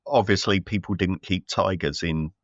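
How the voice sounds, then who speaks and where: Guy rambling on about movies, deep voice, lots of ums, dry room. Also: moderate pace, no room sound, muffled recording. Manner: rambling, many fillers and restarts. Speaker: podcast co-host. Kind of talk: casual film review chat.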